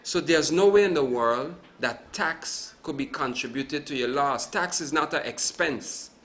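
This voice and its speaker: A man's voice: on the high side, measured pace. A man from Sint Maarten, a businessman and event producer, explaining his views animatedly as a guest on a live TV talk show. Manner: animated, explains with examples and asks "right?".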